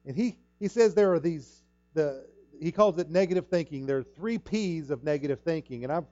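A man preaching a sermon in an emphatic way, repeating words and jumping up loud at key points. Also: medium pitch, lo-fi sound. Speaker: pastor.

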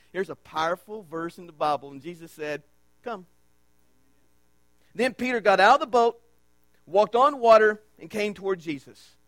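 Man, very high voice, emphatic sermon, dry recording with mains hum. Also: a bit bright, dry recording. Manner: preacherly, emphatic, with dramatic pauses and repetition. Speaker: pastor.

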